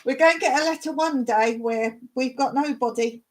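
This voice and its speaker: A woman's voice: sits high, moderate pace. A woman chatting casually on a live stream, laughing as she rants about her pet peeves. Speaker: vlogger hosting a live stream.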